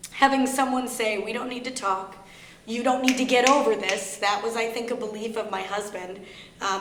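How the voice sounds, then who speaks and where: A woman with a Minnesota accent speaks earnestly and openly to a gathered audience, her voice set at a middle pitch. She is recorded in a roomy, echoing library space. A faint hum sits under her voice. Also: a bit bright. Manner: earnest, candid storytelling with shifting emphasis. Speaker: guest speaker on grief. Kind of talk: personal talk to an audience. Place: library meeting room. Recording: echoey room with faint hum.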